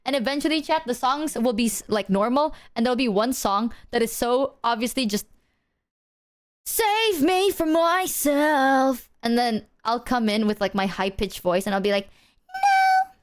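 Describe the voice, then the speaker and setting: A woman streamer chats casually with her viewers in a slightly high voice, talking fairly quickly with few pauses. She's playful, swears freely, and breaks into silly sung bits.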